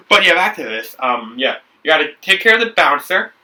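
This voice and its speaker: A man's voice: a little high, big pitch swings, normal speed, sharp tone, far from the mic, poor audio. A young man hosting a building video, chatting casually and rambling with frequent restarts and self-corrections. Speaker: brick builder and video host. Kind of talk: casual talk while building.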